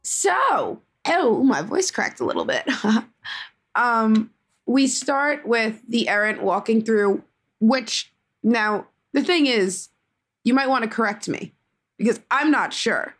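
A woman's voice: on the high side, takes it slowly, fairly bright tone. A woman co-hosting a casual book discussion, recapping the plot in a chatty, self-correcting way. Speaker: podcast co-host.

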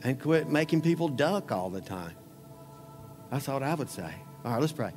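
A man preaches to a congregation in a loose, conversational way, acting out little scenes as he goes. His voice sits at an ordinary middle pitch. A long reverb from the hall trails after his words. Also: very animated, normal speed, darkish tone, soft background music. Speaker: pastor. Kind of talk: sermon.

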